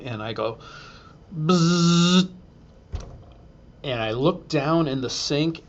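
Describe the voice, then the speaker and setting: A man's voice: medium pitch, fairly bright tone, lo-fi sound, a little hiss or hum. A man, a school superintendent, telling a humorous self-deprecating story to an audience and acting out the quotes.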